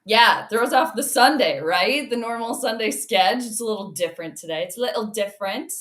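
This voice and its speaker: A woman's voice: fairly high pitch, expressive, a little fast, a bit bright. A woman hosting a casual livestream, chatting and greeting viewers by name with frequent laughs. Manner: laughs often between remarks. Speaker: livestream host. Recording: roomy echo.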